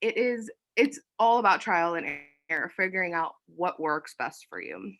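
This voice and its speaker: A woman's voice: lowish voice, animated, normal speed, a bit bright. Breathless, chatty young woman. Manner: chatty, frequent fillers, blunt swearing. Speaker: team leader. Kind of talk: casual motivational team chat.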